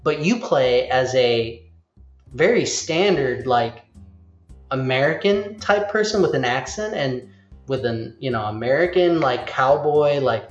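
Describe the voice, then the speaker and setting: A man hosts a casual chat in a mid-range, somewhat slow voice, rambling along in an animated way and acting out quotes as he goes. The sound is roomy and slightly dull, with faint music.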